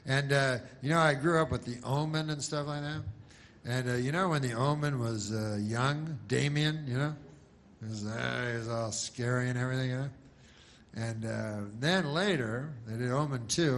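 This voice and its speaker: Male comedian, deadpan, rambling, halting, dry asides. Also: mid-range voice, a little hiss or hum. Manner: meandering, halting, full of fillers and dry asides. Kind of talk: rambling deadpan stand-up storytelling.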